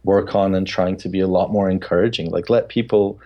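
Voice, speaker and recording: A man's voice: low-pitched, steady tone, fairly quick, dull audio. A man hosting a casual podcast chat, talking candidly and reflectively with many fillers, his voice sometimes sounding harsh. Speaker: podcast host. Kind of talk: casual conversation.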